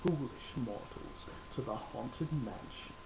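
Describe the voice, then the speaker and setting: A man voicing a sinister male ghost narrator, hushed and slow, with half-whispered words. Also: medium pitch, animated, vocal fry, noisy background, pitched below the performer's own voice. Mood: eerie. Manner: slow, drawn-out delivery.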